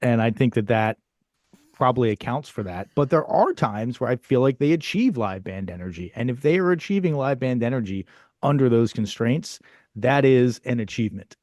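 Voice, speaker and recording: A man's voice: medium pitch, lively intonation, moderate pace, a little mellow, dry recording, studio quality. A man co-hosting a podcast, asking questions and thinking points through in casual discussion. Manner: thoughtful, asks questions and weighs points. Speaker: podcast co-host.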